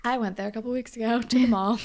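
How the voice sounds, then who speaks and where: A woman's voice: fairly high pitch, steady tone, quick pace, a little mellow. A woman co-hosting a casual podcast chat, animatedly recapping a TV episode and acting out the characters' lines. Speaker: podcast co-host.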